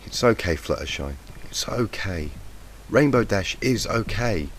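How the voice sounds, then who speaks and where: A man with a cold voicing a caring, steady young female unicorn in a raised, gentle voice, over a faint hiss from a poor mic. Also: fairly low pitch, moderate pace, pitched above the performer's own voice. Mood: soothing firm. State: has a cold, croaky. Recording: noisy lo-fi mic.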